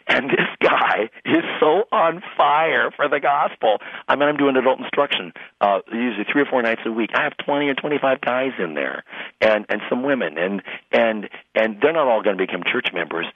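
Male pastor, low husky voice, phone-line audio, animated storyteller. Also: no room sound. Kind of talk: radio interview, storytelling. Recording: tinny phone-line sound.

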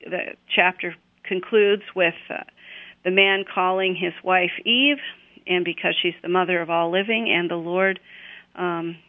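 A woman retelling a scripture passage in a relaxed, conversational way, pausing often with fillers and restarts. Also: fairly low pitch, dry recording. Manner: unhurried, with frequent fillers and restarts. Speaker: Bible teacher on a radio program. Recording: tinny phone-line radio sound.

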